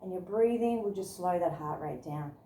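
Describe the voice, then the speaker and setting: A woman guiding a yoga class through movement and body awareness, speaking in an encouraging, gently instructive way. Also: on the low side, animated, normal speed. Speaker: yoga and meditation teacher. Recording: roomy sound from a distant mic.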